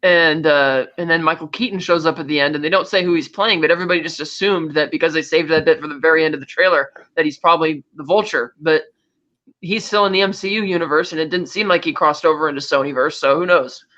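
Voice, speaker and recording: A man co-hosting a podcast, casually retelling a film plot in a rambling, animated way. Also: on the high side, quick pace, dull audio. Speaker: podcast co-host. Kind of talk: casual chat, film recap.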